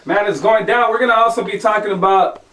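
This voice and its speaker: A man hosting a live internet radio show in an energetic, hyped-up way. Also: high voice, fast talker, far from the mic. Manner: energetic, shouting hype lines. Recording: roomy, off-mic, heavy background noise.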